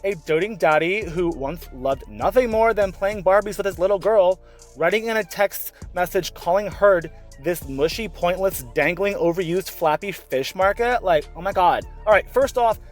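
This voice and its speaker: A high-voiced man rants through a commentary video, sarcastic and openly exasperated, swearing freely as he reads and mocks quotes. His tone keeps swinging between mock outrage and weary disbelief. Faint music sits underneath. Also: moderate pace. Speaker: commentary vlogger. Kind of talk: ranting commentary.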